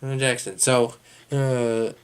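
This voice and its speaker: A man's voice: mid-range voice, flat delivery, takes it slowly, clear, resonant tone. A young man talks through a movie review with no script and an ordinary mid-range voice. He rambles, halts and restarts his sentences often, leaning on fillers like "uh" and "like" as he works out what he thinks. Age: young adult. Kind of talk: casual unscripted movie review.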